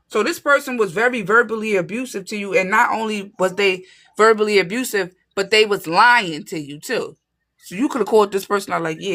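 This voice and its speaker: A woman with a clear, bright voice gives an informal tarot reading straight to her audience. She talks in an emphatic, streetwise way and keeps checking that her listeners are with her. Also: mid-range voice. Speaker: tarot reader. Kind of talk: casual tarot reading monologue to viewers.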